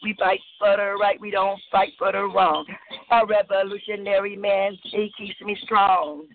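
A man's voice: high voice, monotone, measured pace, creaky. A man performing a spoken word poem with a rhythmic, chanting delivery over a call line. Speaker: poet. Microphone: video call. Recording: muffled phone-like call line with faint noise.

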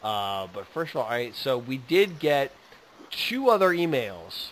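A man hosting a loose podcast, rambling between stories and swearing freely. His pitch swoops and jumps around with a lot of energy. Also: measured pace, a little hiss or hum. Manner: rambling, profane, animated. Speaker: podcast host. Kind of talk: casual podcast chat.

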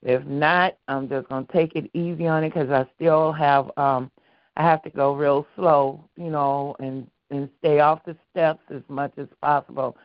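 A woman calling in to a prayer line, speaking in a warm, churchy way and repeating herself. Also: low-pitched, no echo. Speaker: caller. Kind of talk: casual call-in prayer testimony. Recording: dry muffled phone line.

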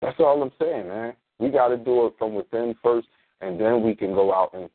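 A man hosting a casual talk radio show, plugging events in a relaxed, slangy way. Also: medium pitch, no echo. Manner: laid-back slangy promos, spells things out slowly. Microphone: sits in a squeaky reclining chair. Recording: dry tinny phone-like line.

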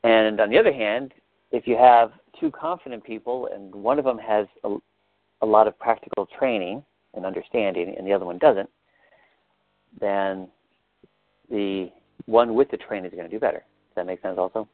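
A man leading a coaching session, asking gentle probing questions and explaining step by step. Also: lowish voice, normal speed, dry recording, phone-quality sound.

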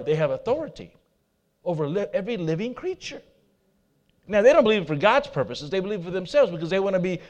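A pastor preaches a sermon in a somewhat high, bold, emphatic voice, speaking straight to his congregation. He drops into soft asides between loud declarations and laughs at himself. The sound is lo-fi.

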